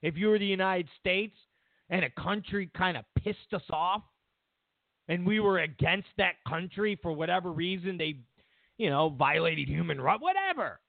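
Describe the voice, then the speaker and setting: Male talk host, sarcastic rant, lively high voice, tinny phone-like sound. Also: normal speed, vocal fry, dry recording. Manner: sarcastic, mocking, ranting. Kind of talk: political commentary monologue.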